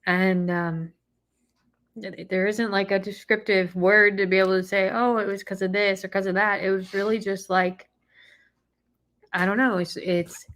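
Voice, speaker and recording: Soft, hesitant woman. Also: medium pitch, fairly even intonation, moderate pace. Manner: soft, hesitant, many fillers and restarts. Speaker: co-host recounting a personal experience. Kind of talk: casual chat.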